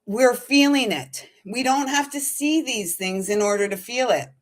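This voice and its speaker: A woman's voice: on the high side, a little slow. A middle-aged woman hosting her own spiritual channel, chatting to viewers in a bubbly, giggly way and breaking into bits of song. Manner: bubbly and giggly, sings snatches of songs. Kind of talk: casual chat to viewers.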